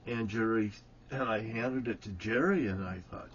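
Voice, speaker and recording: A man's voice: lowish voice, moderate pace, muffled recording, slight background noise. A man telling an old story casually, rambling and swearing freely, often breaking into chuckles.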